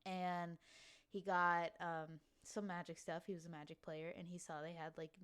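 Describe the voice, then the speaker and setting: Woman co-host, slight Cajun accent, smooth clear voice, chatty and loose. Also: on the low side, level tone, a bit bright. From Louisiana. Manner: chatty, lots of "like" and quick laughs. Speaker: podcast co-host. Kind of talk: casual chat.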